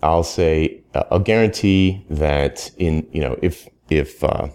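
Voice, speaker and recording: A man's voice: extremely low pitch, takes it slowly, a little mellow, clear, resonant tone. A man talking casually in a podcast conversation, emphatic and rambling, often restarting his sentences. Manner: rambling, self-correcting, emphatic. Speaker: consultant guest.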